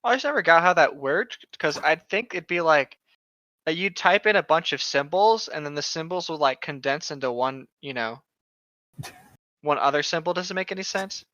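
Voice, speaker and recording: A young man with a bright, fairly high voice, trading sarcastic, profane jokes as a podcast co-host. His dull, lo-fi mic takes the top off the sound. The room sounds dry and close. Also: expressive, no echo. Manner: sarcastic, quick swearing jokes. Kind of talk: casual chat.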